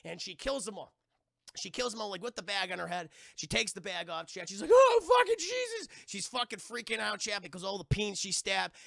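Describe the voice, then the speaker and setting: A man's voice: high voice, creaky, pushed and bright, dry recording, clean studio sound. A young man giving a rambling, profane spoiler recap of a TV episode to his live chat. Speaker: TV review streamer.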